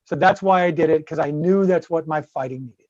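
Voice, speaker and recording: A man's voice: a little high, fairly quick, darkish tone, dry recording. A man with a Southern US accent, a guest on a live web show, telling stories in a profane, boisterous way. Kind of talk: casual live-stream chat. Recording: slightly dull lo-fi audio.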